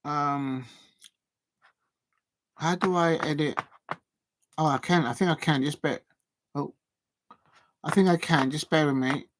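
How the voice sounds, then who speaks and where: A man's voice: a little high, slow, pauses often, fairly bright tone, a little hiss or hum. A man hosting a football watch-along stream, chatting casually and muttering to himself as he types. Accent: South London English. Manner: rambling, muttering to himself while typing. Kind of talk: casual live-stream chat.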